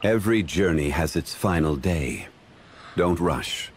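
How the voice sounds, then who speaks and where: A wise, dignified man of ancient bearing speaks slowly and evenly. His voice sits very low and steady, every line composed. A faint hiss lies under it. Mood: calm. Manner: measured, composed, unhurried. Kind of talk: game character voice lines.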